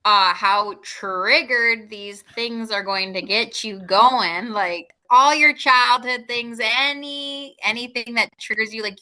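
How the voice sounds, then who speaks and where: Bright-voiced chatty woman. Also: mid-range voice. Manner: chatty, lots of "like", laughs easily. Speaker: guest. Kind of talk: casual podcast conversation.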